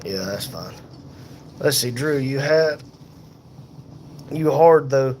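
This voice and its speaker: A man's voice: mid-range voice, animated, darkish tone, a little hiss or hum. Tired man chatting from a hospital bed. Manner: unhurried, folksy, reads viewer comments aloud. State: in pain, tired. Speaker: livestream host reading chat. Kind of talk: casual live chat. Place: hospital room.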